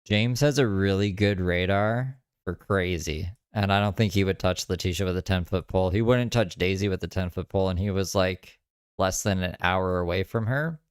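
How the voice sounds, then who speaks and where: A man's voice: sits low, normal speed, clear, resonant tone, no room sound, clean studio sound. A man hosting a podcast, rambling in crude, casual commentary with lots of filler words. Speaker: podcast host.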